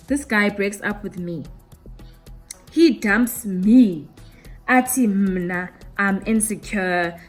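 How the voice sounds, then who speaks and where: A young woman telling a candid storytime to her viewers while doing her makeup, casual and slangy. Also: medium pitch. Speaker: beauty vlogger.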